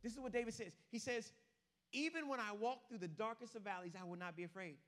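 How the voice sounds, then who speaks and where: A man preaching an animated sermon as pastor, swinging between loud outbursts and hushed lines. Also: high voice, fast talker.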